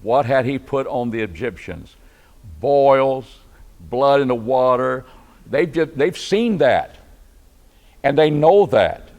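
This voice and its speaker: Texan preacher with a lively voice. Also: male voice, medium pitch, takes it slowly, long pauses. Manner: conversational, asks the class questions. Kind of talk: Bible class teaching. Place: church classroom.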